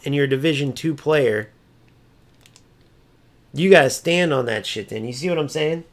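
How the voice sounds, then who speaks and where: A male gaming host in a blunt, heated rant, swearing freely and repeating himself to drive a point home. His voice sits a little high and carries a gravelly fry. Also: moderate pace. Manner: blunt, profane, repeats for emphasis.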